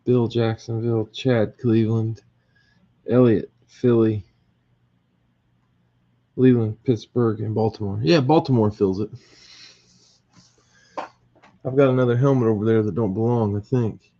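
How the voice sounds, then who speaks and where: A man's voice: lowish voice, steady tone, unhurried, pauses often, dark tone. A man hosting a casual live draw, counting aloud and reading off names and teams, chuckling at his own slips. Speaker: host running a team draw. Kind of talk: casual live group break. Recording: muffled lo-fi audio with faint noise.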